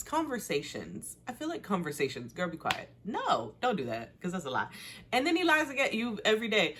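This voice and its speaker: Chatty, low-voiced woman hosting a recap. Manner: chatty and animated, with big pitch swings and frequent laughs; blunt, slangy commentary. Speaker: host. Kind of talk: casual TV recap chat.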